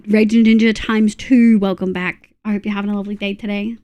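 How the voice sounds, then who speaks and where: With a warm, mid-range voice, a woman speaks fairly quickly in a flat delivery with few pauses. She's an Australian game streamer, griping and swearing openly in casual chat with her audience.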